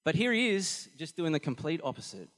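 A man preaching a sermon, animated and emphatic, often repeating phrases for effect. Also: on the high side, fairly quick. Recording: long hall reverb.

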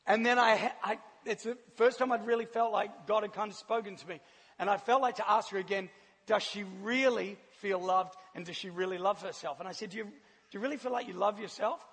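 Husky high-voiced New Zealand preacher. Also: male voice, normal speed. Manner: animated storyteller, laughs often. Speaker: church speaker. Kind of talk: sermon with personal testimony. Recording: long hall reverb.

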